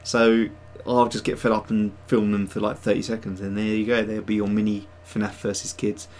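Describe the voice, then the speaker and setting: A man's voice: fairly low pitch, level tone, fairly quick, darkish tone, a little hiss or hum. A man hosting a casual livestream, chatting to viewers in a rambling way with many fillers and restarts. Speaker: livestream host and digital sculptor.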